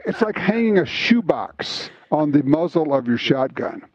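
A man hosting a casual talk show, telling stories in an animated, chatty way. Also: on the high side, unhurried, husky, no room sound. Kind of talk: casual chat, storytelling. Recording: slightly dull lo-fi sound, dry.

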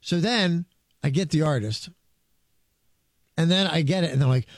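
A man with a slightly high, gravelly voice chats on air about his concert business. He tells his stories eagerly, stumbles and repeats words, and acts out what others said. The sound is dry and close. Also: moderate pace, dry recording. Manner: excited storyteller, quotes people, repeats words. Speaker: guest, concert promoter. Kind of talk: casual radio chat.

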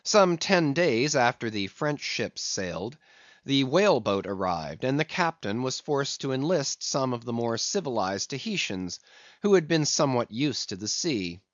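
Male audiobook narrator, plain steady reading, dry muffled recording. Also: medium pitch, unhurried, no echo. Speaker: audiobook reader. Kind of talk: scripted narration.

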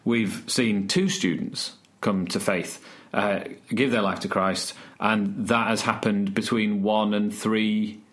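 A lowish-voiced man talks slowly in a casual podcast conversation. He's a student church leader who tells stories with energy and animation, frequently restarting his sentences.

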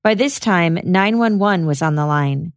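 A woman hosting a podcast, giving a measured, scripted narration of a trial's testimony. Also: fairly low pitch, expressive, no room sound, clean studio sound. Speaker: podcast host. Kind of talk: scripted true-crime narration.

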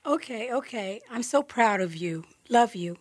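A woman's voice: on the high side, animated, measured pace, no room sound. An actress voicing a proud, tender mother who is crying as she sees her daughter off. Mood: tearful.

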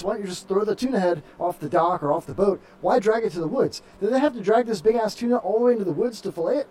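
A male podcast host reads out a news story, swearing and laughing as he goes. His pitch swings widely and stays lively throughout. The talk is loose and joking. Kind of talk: casual podcast chat reading news stories.

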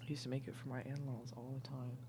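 A tipsy woman doing a casual, rambling tarot reading, swinging between loud outbursts, laughter and whispers. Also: rumbling low, level tone, quick pace, noisy background. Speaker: tarot reader.

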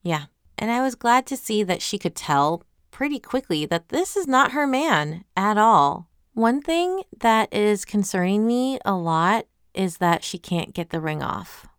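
A woman's voice: medium pitch, big pitch swings, unhurried, smooth, no room sound, clean studio sound. A woman hosting a webtoon recap. She talks casually and animatedly, reads viewer comments aloud and asks a lot of questions.

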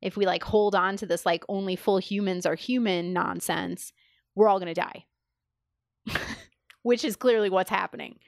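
A woman's voice: mid-range voice, fairly even intonation, moderate pace, gravelly, long pauses, no room sound, clean studio sound. A woman co-hosting a podcast, chatting casually and enthusiastically, often saying "like". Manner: chatty, enthusiastic, frequent filler "like". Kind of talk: casual chat.

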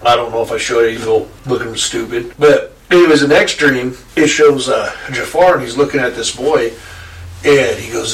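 A man's voice: mid-range voice, moderate pace. A man rambling through a long, joking story, laughing and swearing as he goes. He is heard from afar in an echoey room with a faint hiss. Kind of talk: casual storytelling. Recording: echoey room, distant mic, faint noise.

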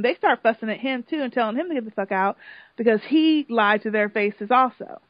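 A woman hosting a podcast who chats in a gossipy, animated way and slips into the voices of the people she talks about. Her voice sits a little high. The sound is dry and lo-fi. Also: fairly quick, no echo. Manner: gossipy, animated, acts out quotes, laughs loudly. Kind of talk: casual chat recapping a reality show.

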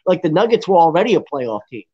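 A man with a slightly higher voice talks sports in a loose, rambling way, padding his points with fillers and blunt asides. The sound is dull and lo-fi. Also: very animated, fast talker, mellow, slightly rough. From Florida. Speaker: sports podcast co-host. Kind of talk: casual sports chat.

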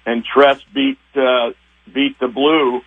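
An older man, a retiring TV sports director, reminiscing with emotion in a rambling, halting way. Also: medium pitch, level tone. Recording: tinny phone line.

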